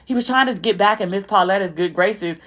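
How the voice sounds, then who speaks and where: A woman hosts her own podcast and recaps a weekend in a loose, conversational way. Her pitch sits in the middle for a woman's voice. She talks in an animated way and turns to her listeners with asides as she goes. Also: fairly quick. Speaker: podcast host. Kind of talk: casual storytelling recap.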